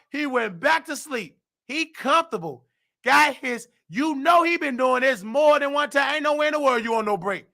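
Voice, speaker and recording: A man who is losing his voice, hosting his show with heated, indignant commentary and bursts of shouting. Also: extremely high pitch, vocal fry. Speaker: nursing aide and show host. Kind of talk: ranting commentary.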